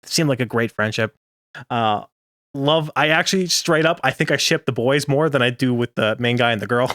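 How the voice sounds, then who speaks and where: A man's voice: medium pitch, moderate pace, a bit bright, no room sound, studio quality. A young man co-hosting a podcast, chatting casually and laughing often as he recaps an anime episode. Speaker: podcast co-host.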